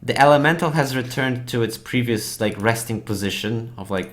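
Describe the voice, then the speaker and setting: A man narrating as dungeon master for a tabletop game, halting and full of fillers. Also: medium pitch.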